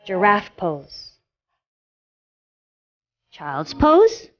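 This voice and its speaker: A woman instructor gently guiding children through a yoga class with encouraging, sing-song cues. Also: medium pitch, wildly swooping pitch, very slow, lo-fi sound.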